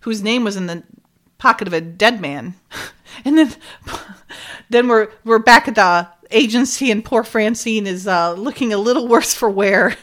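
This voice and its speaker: A middle-aged woman chats casually as a co-host, retelling a story with lively energy. She acts out quoted lines and laughs often as she talks. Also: mid-range voice, a little slow. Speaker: podcast co-host. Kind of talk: casual recap chat.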